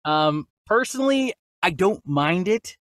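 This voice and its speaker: A man co-hosting a casual movie news podcast, talking excitedly and emphatically. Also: high-pitched, measured pace, no room sound, studio quality. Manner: excited, emphatic, calls his co-host dude. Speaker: podcast co-host.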